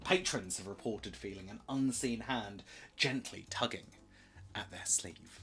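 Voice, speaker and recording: A man's voice: on the low side, a little slow, a bit bright. A man giving a casual, rambling slideshow presentation for a charity stream, full of jokey asides and self-corrections.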